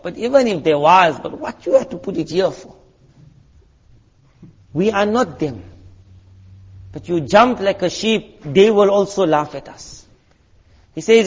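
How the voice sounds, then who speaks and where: A man from South Africa preaches in a high, bright voice. He tells stories with acted voices and sound effects. The recording is dull and lo-fi. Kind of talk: sermon.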